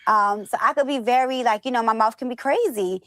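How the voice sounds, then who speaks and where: A woman from the northern United States, an interview guest telling stories in a lively, chatty way and acting out quoted dialogue. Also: on the high side, fairly quick, no room sound. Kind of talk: casual storytelling chat.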